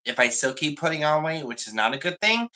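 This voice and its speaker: A man's voice: a little high, sing-song, a little fast, sharp tone, rough recording. A man chatting casually on a livestream, rambling and confiding in an emotional way.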